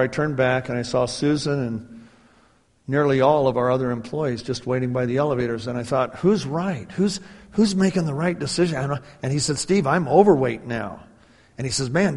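A man preaching a sermon, earnestly retelling a survivor's story with quoted dialogue before turning to scripture. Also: mid-range voice. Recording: long hall reverb.

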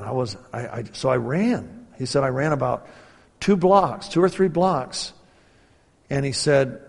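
A man's voice: a little high, vocal fry. Man preaching, earnest storyteller voice, long hall echo behind him. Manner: earnest, retelling a story with quoted dialogue. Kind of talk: sermon with storytelling.

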